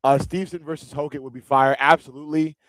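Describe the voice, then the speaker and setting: A man's voice: on the high side, steady tone, quick pace, a bit bright, no room sound, low-quality recording. A man giving casual, rambling live commentary on a fight stream from a gaming chair, often repeating himself. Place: seated in a gaming chair at home.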